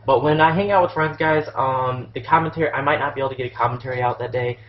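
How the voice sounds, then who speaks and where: A man's voice: medium pitch, fast. Rambling teen guy, roomy lo-fi mic. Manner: rambling, lots of ums and likes, heavy swearing. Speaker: gameplay commentator. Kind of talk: casual gameplay commentary. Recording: roomy, muffled lo-fi sound with faint hiss.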